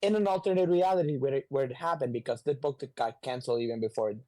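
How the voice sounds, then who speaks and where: A man casually retelling a comic book story on a podcast, slipping into quick voices for the characters, swearing freely and clearing his throat often. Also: medium pitch, mellow.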